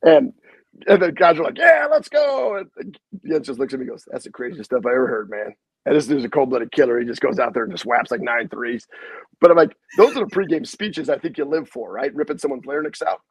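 A man's voice: mid-range voice, fast, breathy edge, dry recording, low-quality recording. A middle-aged man, a head basketball coach, telling stories in a casual interview, acting out quotes with salty language. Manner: animated storyteller, acts out quotes, salty language.

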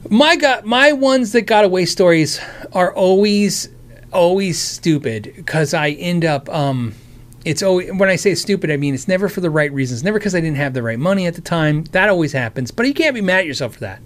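Here a man from the United States talks fairly quickly in a high, expressive voice while hosting a relaxed live stream. He answers chat's guitar questions in a friendly, rambling way, often restarting or going off on asides, and sounds tired and worn.

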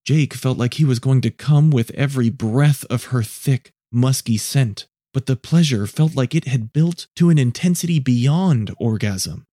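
A man narrating a scripted story in a measured, low-key way. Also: dark tone, no echo, studio quality.

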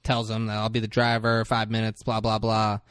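A man's voice: fairly low pitch, monotone, normal speed, a bit bright, smooth, dry recording, studio quality. A man co-hosting a podcast, casually and profanely retelling a film's plot and slipping into voices for its characters. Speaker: podcast co-host recapping a movie. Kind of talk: casual chat.

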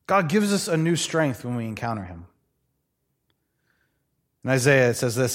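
A male pastor preaching a sermon in a conversational, animated way, telling stories with playful asides. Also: mid-range voice, moderate pace, long pauses.

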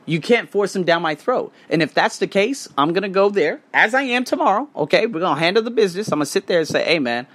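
A man's voice: high voice, quick pace, hardly any pauses. A young American man with a casual, slangy, profane delivery, hosting a podcast monologue about his work as a teacher abroad. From United States. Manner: animated, profane, street slang. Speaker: podcast host.

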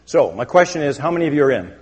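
A man preaching a satirical sermon as a pastor, mock-pompous and deadpan self-important, speaking to a congregation in a church sanctuary. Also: a little high, racing, breathy edge, highs cut off. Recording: long hall reverb.

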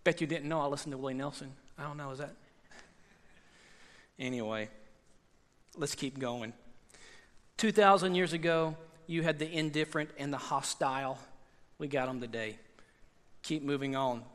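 A man preaching a sermon, animated and conversational, repeating phrases and swinging from loud emphasis to hushed asides. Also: a little high, normal speed, pauses often. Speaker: pastor. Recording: long hall reverb.

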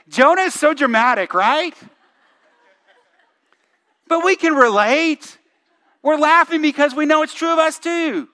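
Male pastor, very high voice, bright tone, casual sermon delivery with rhetorical questions. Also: unhurried, long pauses. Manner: conversational, asks the congregation questions; reads scripture aloud with emphasis.

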